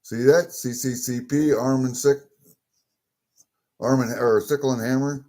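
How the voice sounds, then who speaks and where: A coin-collecting vlogger shows off coins from a package he just opened, talking through them in casual unboxing chatter. His mid-range voice is steady and dark-toned, a little slow, and he's chatty and easily delighted, muttering to himself.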